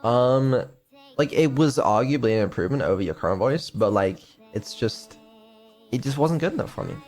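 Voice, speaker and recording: A man's voice: mid-range voice, lively intonation, normal speed, darkish tone, soft background music. Hesitant man mumbling through a dev stream. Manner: mumbling, hesitant, many ums, dry sarcasm. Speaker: developer and streamer. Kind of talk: casual stream chat.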